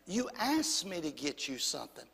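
A man's voice: fairly high pitch, sing-song, normal speed, gravelly, fairly bright tone, husky, voice pushed down, heavily acted. A man voicing his stern mother scolding her young son, in a reverberant hall. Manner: firm, scolding.

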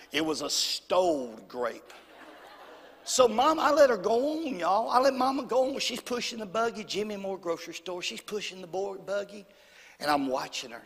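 Animated Southern preacher in a big hall. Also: male voice, a little high, slight background noise. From Alabama. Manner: animated, folksy, humorous. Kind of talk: storytelling sermon. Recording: long hall reverb.

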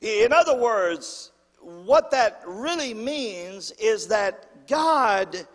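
A male pastor preaching a sermon, calling for amens and swinging between loud and hushed delivery. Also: high-pitched, expressive, drawn-out words. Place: church sanctuary. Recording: long hall reverb.

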